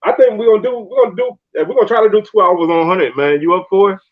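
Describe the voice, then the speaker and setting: A man hosting a casual sports chat, telling animated stories and laughing often. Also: sits high, racing, lo-fi sound. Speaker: podcast host.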